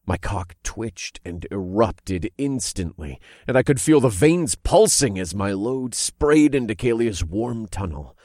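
Lively low-voiced male narrator. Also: unhurried, hardly any pauses, no room sound, clean studio sound. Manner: expressive, animated reading that builds in intensity. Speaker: audiobook narrator. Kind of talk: first-person scripted narration.

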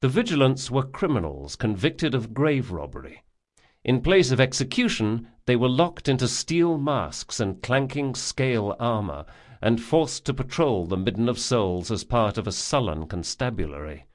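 A man narrating a fantasy audiobook in a measured, vivid storytelling manner. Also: mid-range voice, expressive. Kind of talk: scripted narration.

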